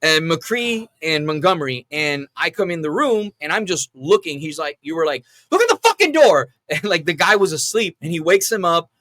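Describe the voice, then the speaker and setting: A man telling stories from his army days in a casual, profane way, acting out the loud lines he quotes. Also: fairly high pitch, normal speed, few pauses, no room sound. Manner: animated, acts out yelled quotes. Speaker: veteran telling war stories.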